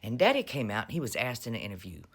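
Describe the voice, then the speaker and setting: A woman talks straight to camera in a loose, mocking vlog rant. Her pitch swoops up and down all the time. She drawls and teases, with a sarcastic bite. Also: very animated, very fast, husky. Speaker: vlogger. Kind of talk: casual political commentary.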